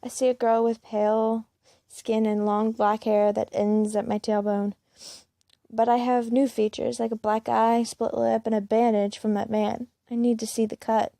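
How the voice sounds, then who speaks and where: A woman's voice: fairly high pitch, flat delivery, normal speed, creaky, dark tone, dry recording, studio quality. A woman reading a first-person fan story aloud in a plain way, with small slips and restarts. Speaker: fan-fiction reader.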